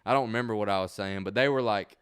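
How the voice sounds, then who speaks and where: A young man telling a wild story in casual, profane, animated chat. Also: on the low side, fast, smooth.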